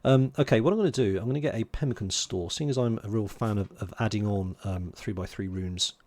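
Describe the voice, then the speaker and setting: A man's voice: lowish voice, fairly quick, darkish tone. A man from London, streaming a game, chatting casually, muttering to himself while he plays and greeting viewers in chat. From England (London). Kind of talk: casual livestream commentary.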